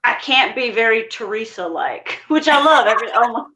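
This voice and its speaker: A woman's voice: a little high, animated, moderate pace, a crowd in the background. A young adult woman as a chat guest, chatty and candid, swearing and acting out quotes. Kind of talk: casual chat. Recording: dull lo-fi audio.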